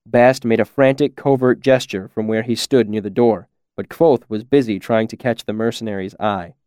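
A man narrating a story in a measured, expressive way. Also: lowish voice, clean tone, no room sound, clean studio sound. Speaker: audiobook narrator. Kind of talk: scripted narration.

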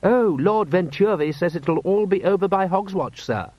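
A man's voice: sits high, normal speed, no room sound, voice pushed up. Male reader as a formal, raised-voice loyal butler, dull recording. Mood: deferential. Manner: formal, deferential. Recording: dull, slightly lo-fi.

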